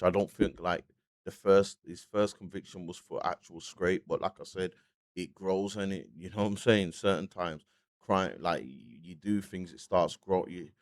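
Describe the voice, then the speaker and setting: A man talks through his commentary in loose street slang, circling back and checking in with "you get me" every few lines. His voice sits fairly low, and the recording is close and dry with no room sound. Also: steady tone, moderate pace, no room sound. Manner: slangy, keeps asking "you get me", frequent restarts. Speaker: online commentator. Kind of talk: casual commentary vlog.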